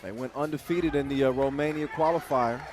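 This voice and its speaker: A man calling a basketball game live, quick and jokey, with excited bursts on big plays. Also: medium pitch. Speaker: play-by-play commentator. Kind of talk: live sports commentary. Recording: commentary over loud arena music and crowd.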